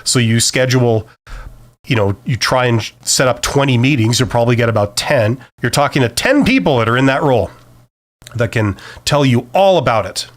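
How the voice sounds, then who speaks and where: A man's voice: mid-range voice, moderate pace. A middle-aged man hosting a live-stream Q&A, giving career advice in a loose, conversational way full of fillers and restarts. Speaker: career advice host answering viewer questions.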